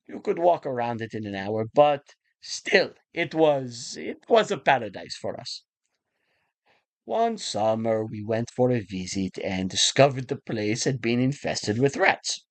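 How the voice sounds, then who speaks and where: A man doing an impression of a calm, menacing middle-aged male film villain, delivering a theatrical monologue with a wavering put-on accent. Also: medium pitch.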